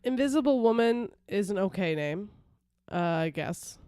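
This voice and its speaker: A woman's voice: medium pitch, animated, warm tone, no room sound, clean studio sound. A woman co-hosting a podcast in casual chat, opinionated and teasing. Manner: opinionated, teasing, quick to mock. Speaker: podcast co-host.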